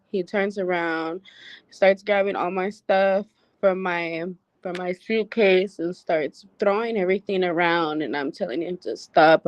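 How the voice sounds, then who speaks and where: A woman guest on a remote call gives a halting, emotional first-person account, with frequent ums and restarts, and swears when upset. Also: lowish voice, darkish tone, no room sound. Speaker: guest telling her story.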